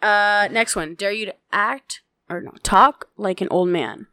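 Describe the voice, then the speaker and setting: A woman's voice: mid-range voice, a little slow, a crowd in the background. A woman co-hosting a podcast in casual joking chat, teasing and giggly, swearing casually. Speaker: podcast co-host.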